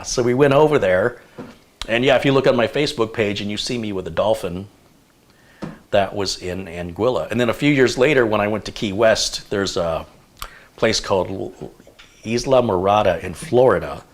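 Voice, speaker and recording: A man from the United States with a fairly low voice hosts a relaxed live stream. He drifts from one anecdote to the next in easy, unhurried chat. He reads viewer messages in the same loose, conversational way. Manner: rambling anecdotal storyteller. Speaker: host of a live tech stream.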